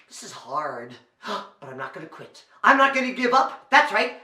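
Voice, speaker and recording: A man's voice: high voice, sing-song, moderate pace, sharp tone. A man performing a playful comic juggling act for children and talking straight to the young audience at home. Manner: playful, talks to the kids at home. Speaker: children's entertainer. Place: library show recorded on video. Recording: echoey room.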